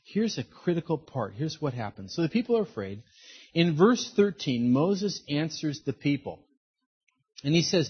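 A middle-aged man preaching a sermon, telling personal stories in an animated way and acting out the voices of the people in them. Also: a little high, normal speed, slightly rough, lo-fi sound. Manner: storytelling, animated, acts out quoted voices. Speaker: pastor.

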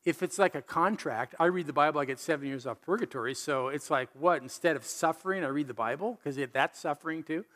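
A man preaching a sermon in an animated, conversational way, full of rhetorical questions. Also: a little high, quick pace, few pauses. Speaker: pastor.

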